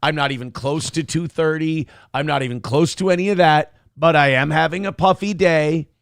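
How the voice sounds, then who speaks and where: A man's voice: on the high side, normal speed, creaky, clear, resonant tone, dry recording, studio quality. Chatty man hosting a morning show. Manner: rambling, self-deprecating, reads viewer messages aloud. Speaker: show host. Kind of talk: casual morning show banter.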